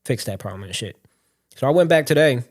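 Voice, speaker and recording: A young man co-hosting a podcast, telling a story in casual chat, animated and swearing freely, acting out the voices he quotes. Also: medium pitch, brisk. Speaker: podcast co-host.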